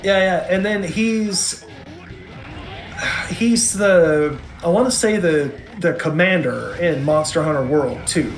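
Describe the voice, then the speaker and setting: A man's voice: on the high side, slow, slight background noise. A man in his thirties, a podcast co-host in casual chat, enthusiastic and rambling with many restarts. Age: 30s.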